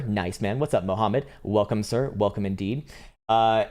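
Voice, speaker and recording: A young man talks through crypto charts on a live stream in a low, fairly deep voice. His talk is rambling and loose, full of swearing and laughter, and he breaks into high mock rants at the chat. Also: moderate pace, darkish tone. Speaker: crypto trading livestream host.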